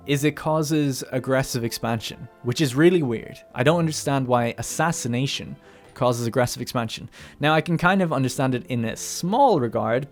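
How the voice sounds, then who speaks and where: A man talks through his strategy game in a loose, thinking-aloud way, the kind of regular host who narrates every move. His voice sits at an ordinary middle pitch, and soft music plays faintly under him. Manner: chatty, thinking aloud, swears and laughs now and then. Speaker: let's play host. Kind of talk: casual gameplay commentary.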